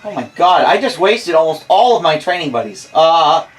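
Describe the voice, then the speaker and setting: American guy in his 20s rambling over a let's play, self-deprecating, kinda high voice. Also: sing-song, normal speed, faint music behind, low-quality recording. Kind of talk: casual gameplay commentary.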